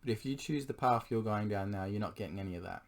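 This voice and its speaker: Hoarse, low-voiced man pleading earnestly. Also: fast talker. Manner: earnest and pleading, with frequent throat clearing. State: hoarse, losing his voice. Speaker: vlogger addressing his partner. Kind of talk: confessional monologue to camera.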